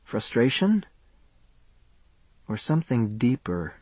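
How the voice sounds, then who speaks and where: A man narrating a first-person audiobook in a measured, subdued tone. His voice sits in the middle range, recorded close and dry. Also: mid-range voice, big pitch swings, darkish tone, breathy edge, no echo.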